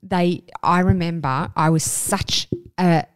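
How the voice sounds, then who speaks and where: A woman's voice: on the low side, fairly even intonation, slow, clear, resonant tone, dry recording. Candid, swearing Australian woman co-host. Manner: candid, swears freely, self-mocking. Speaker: podcast co-host. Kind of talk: casual chat.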